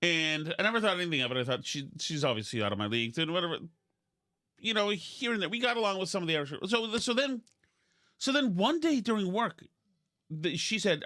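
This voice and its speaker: A man's voice: high-pitched, very animated, fairly quick, bright, forceful tone, no room sound, studio quality. A man hosting a podcast, rambling and self-deprecating in casual comedic chat, full of restarts. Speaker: podcast host.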